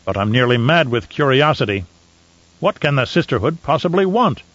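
A man reading an audiobook, voicing a furious, vain, blustering Baron who shouts his orders. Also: medium pitch, big pitch swings, moderate pace, no echo, muffled recording. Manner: loud, blustering, spiteful. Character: raging, vain, cruel male Baron.

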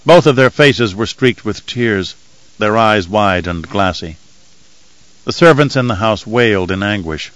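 A man narrating an audiobook in a steady, measured storytelling manner. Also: fairly low pitch, no echo, rough recording. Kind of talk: scripted narration.

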